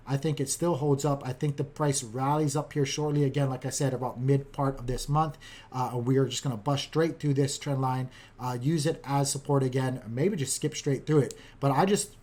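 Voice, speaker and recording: Fast-talking man giving a market recap. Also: medium pitch, darkish tone. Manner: upbeat, keeps saying "guys", talks fast. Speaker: crypto market commentator. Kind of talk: casual chart commentary.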